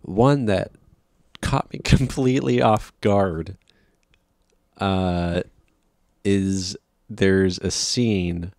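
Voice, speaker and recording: Guy ranting about a bad movie, low gravelly voice, dry close sound. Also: steady tone, very slow, long pauses, darkish tone, no echo. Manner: exasperated, profane, many restarts. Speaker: film reviewer. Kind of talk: casual rambling film review.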